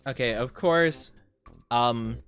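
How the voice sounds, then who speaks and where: A young man streaming a word game in casual chat. He rambles excitedly, laughs often and jokes at his own expense. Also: medium pitch, takes it slowly, clean tone, soft background music.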